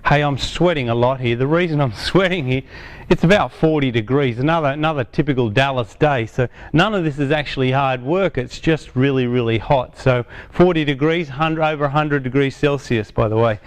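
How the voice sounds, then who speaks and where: Guy showing off garden creeks and cascades outside, chatty, keeps correcting himself, middle-pitched voice. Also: fairly quick. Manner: chatty, self-correcting, explains step by step while handling products. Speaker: product presenter. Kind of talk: casual hands-on product demonstration. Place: outdoors on a hot day.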